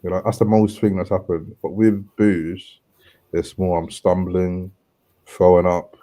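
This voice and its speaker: A high man co-hosting a casual chat, talking in a laid-back, halting way and asking questions. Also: little pitch movement, dark tone. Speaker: podcast co-host.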